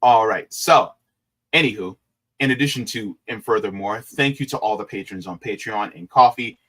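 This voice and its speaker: A man's voice: fairly low pitch, moderate pace, fairly bright tone. A man hosting a casual livestream, talking to viewers in a loose, rambling way with plenty of fillers. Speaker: livestream host.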